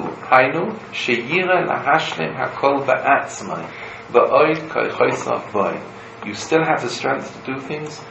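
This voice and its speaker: Animated, gravelly-voiced man giving a lecture. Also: mid-range voice, muffled recording. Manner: animated storytelling, mixing Hebrew quotes with explanation. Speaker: rabbi teaching a class. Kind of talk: Torah lecture to students. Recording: roomy room with background noise.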